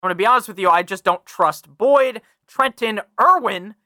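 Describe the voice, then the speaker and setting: Young male fantasy sports podcaster, brash and profane, bright forceful tone, dry close sound. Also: high-pitched, lively intonation, normal speed, no echo. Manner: brash, swears freely, talks to listeners directly; reads a sponsor ad. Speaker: fantasy football podcast host. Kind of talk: casual profane sports analysis.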